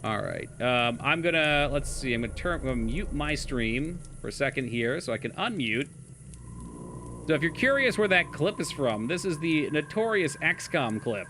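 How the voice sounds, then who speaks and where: A man's voice: a little high, big pitch swings, normal speed, bright, forceful tone, slight background noise. A young man streaming a game live, chatting casually with his chat, swearing and laughing often.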